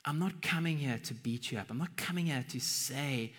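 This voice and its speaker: Brief: a preacher playing a soft, pleading man with a husky voice, long hall reverb. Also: mid-range voice, normal speed, natural voice. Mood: gentle.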